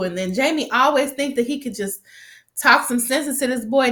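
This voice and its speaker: Woman vlogger, stuffy-nosed, casual and animated recap delivery, curses freely. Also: high voice, moderate pace. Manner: chatty, animated, swears freely, quotes characters. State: stuffy nose from allergies.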